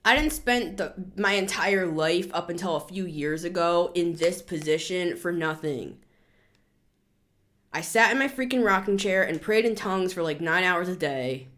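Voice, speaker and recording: In a casual tarot monologue, a woman in her thirties speaks with an expressive, slightly bright voice at normal speed. She's blunt and scolding, pressing her points hard and bursting out high without warning.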